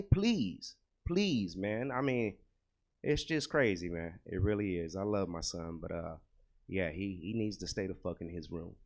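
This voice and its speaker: A man doing a crude stand-up comedy set in a comedy club, talking straight to the crowd and swinging between loud bursts and low muttered asides. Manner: crude, conversational, talks to the crowd.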